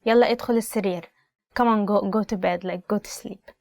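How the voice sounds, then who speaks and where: A woman's voice: medium pitch, fairly even intonation, very fast, creaky, a little mellow, no echo, studio quality. A young woman with an Egyptian accent teaching language phrases, saying each one and repeating it with a translation, chatty and full of "like". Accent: Egyptian Arabic. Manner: chatty, peppered with "like", acts out scolding parent lines.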